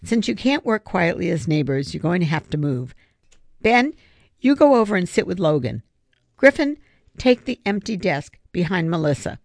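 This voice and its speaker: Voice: medium pitch, very animated, normal speed, no room sound, pitched above the performer's own voice. A reader voicing a stern, impatient male schoolteacher who scolds his students, in an audiobook. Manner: stern, warning. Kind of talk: audiobook character voice.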